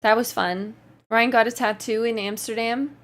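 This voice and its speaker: A woman's voice: a little high, fairly even intonation, normal speed, fairly bright tone. A woman livestreamer chatting casually, reading out and answering her chat while often laughing. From Canada.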